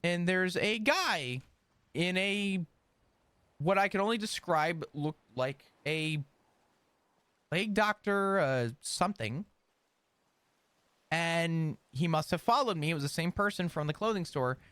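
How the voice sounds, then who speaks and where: A man in character on a roleplay server, recounting a string of events in an animated, rambling way. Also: sits high, unhurried, pauses often, clear, resonant tone, no room sound.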